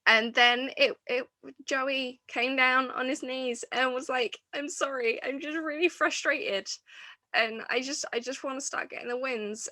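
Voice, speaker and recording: A woman's voice: mid-range voice, bright, forceful tone, dry recording. A woman hosting a wrestling review show, chatting casually and enthusiastically, rambling with restarts and fillers. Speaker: wrestling podcast host.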